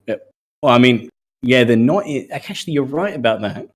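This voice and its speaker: A man's voice: mid-range voice, expressive, moderate pace. A young man reading a story aloud casually, stumbling over words, swearing and laughing often.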